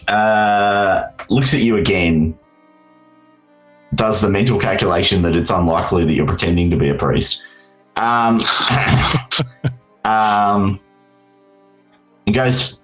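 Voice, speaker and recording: A man narrating as game master in a tabletop game, relaxed and full of fillers. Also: deep voice, slow pace, pauses often, soft background music, poor audio.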